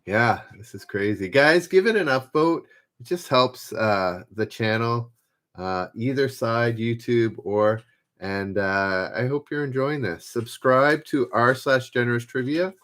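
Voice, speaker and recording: A man hosting a live-stream trivia game, relaxed and self-deprecating, repeating each question as he reads out viewers' guesses. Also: mid-range voice, unhurried. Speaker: trivia host.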